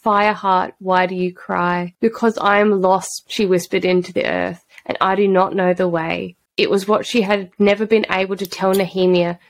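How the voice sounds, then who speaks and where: A woman co-hosting a relaxed book podcast, chatting with friends and reading passages aloud with flair. Her voice sits at a middle pitch, neither high nor low. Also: moderate pace, hardly any pauses. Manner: animated, reads quotes dramatically. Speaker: podcast co-host.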